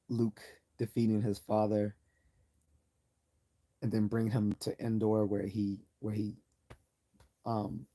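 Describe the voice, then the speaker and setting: With a lowish, dark-toned voice, a man offers casual commentary as he hosts a livestream. He sounds earnest and enthusiastic, rambling and frequently starting over.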